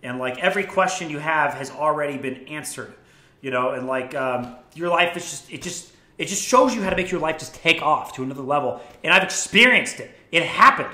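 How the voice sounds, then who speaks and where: A man's voice: fairly high pitch, expressive, brisk, sharp tone. A young man casually recommending books, enthusiastic and swearing freely. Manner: profane, enthusiastic storytelling. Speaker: vlogger. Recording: echoey room.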